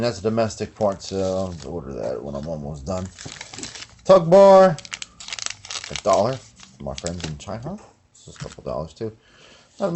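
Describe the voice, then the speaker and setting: A man's voice: on the low side, darkish tone, a little hiss or hum. A man showing guitar parts in a casual workshop vlog, rambling and slangy, tagging lines with "you know what I mean" and "man". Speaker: guitar builder.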